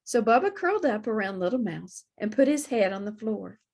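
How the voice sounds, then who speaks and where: A woman librarian reading a children's picture book aloud for storytime, slow and expressive. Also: mid-range voice, gravelly.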